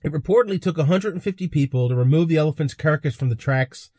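A man's voice: a little high, fast, darkish tone, no echo, clean studio sound. A man hosting a podcast, chatting casually and reading articles, with amused asides. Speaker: podcast host.

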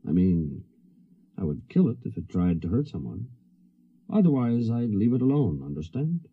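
Figure: wary grown hunter, played by a man. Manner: measured, guarded. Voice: low and husky. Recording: fuzzy 1970s radio. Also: very animated, narrow, tinny audio, exaggerated voice.

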